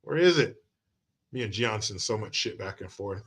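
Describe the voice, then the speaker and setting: Male commentary host; blunt, profane, rambling delivery with a bright, forceful tone. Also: fairly low pitch, lively intonation, moderate pace, slightly rough. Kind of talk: opinionated talk-show commentary.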